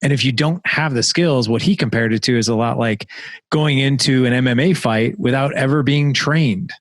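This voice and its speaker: A middle-aged man hosting a podcast in casual conversation, animated and quick to joke and laugh. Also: medium pitch, no echo. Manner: animated, joking, laughs often. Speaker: podcast host.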